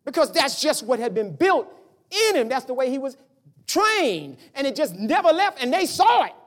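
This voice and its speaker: A man's voice: extremely high pitch, moderate pace. A man preaching a sermon, telling family stories and acting out the voices of his parents. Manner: animated preaching with storytelling and voiced family dialogue. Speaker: pastor.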